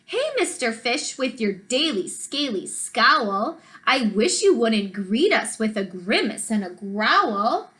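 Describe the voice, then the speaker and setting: A woman voicing a gently floating male jellyfish in a storybook, mildly scolding. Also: on the high side, very animated, slow, few pauses, exaggerated voice. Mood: chiding.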